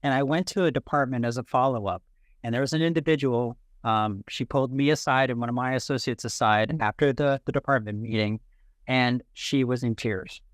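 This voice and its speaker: Brief: heartfelt storyteller, man, mid-pitched, dry close recording. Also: brisk, dry recording. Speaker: health services director guest. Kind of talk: podcast interview storytelling.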